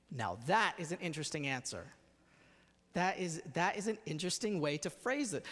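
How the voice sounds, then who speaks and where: A man preaching a conversational, expressive sermon in a church sanctuary. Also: a little high, brisk. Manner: conversational, expressive, retells scenes with acted voices. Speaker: pastor. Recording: echoey church hall.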